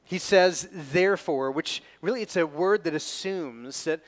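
A pastor preaching an expository sermon, leaning hard on key words and slowing down when he reads scripture. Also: a little high. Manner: emphatic, slows down to stress scripture readings.

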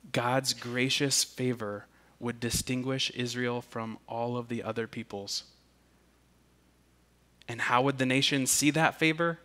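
A man preaching a sermon, deliberate and earnest, often repeating a word as he restarts. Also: medium pitch, a bit bright. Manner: slow and deliberate, with emphatic restarts. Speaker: pastor.

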